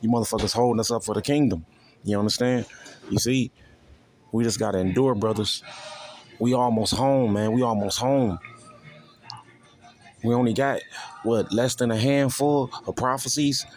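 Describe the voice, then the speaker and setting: A man's voice: medium pitch, normal speed, long pauses, a little mellow. A man preaching scripture in a crude, profane way, constantly repeating "you see" to his listeners. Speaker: street preacher.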